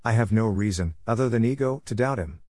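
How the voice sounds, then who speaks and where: A man reading his own reflective story in a measured, wry way. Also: on the low side, lively intonation, dark tone, dry recording, clean studio sound. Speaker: narrator.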